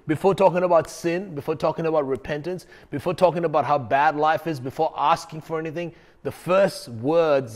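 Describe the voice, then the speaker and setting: A male pastor preaching a sermon in an emphatic, conversational way, repeating key phrases. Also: on the high side.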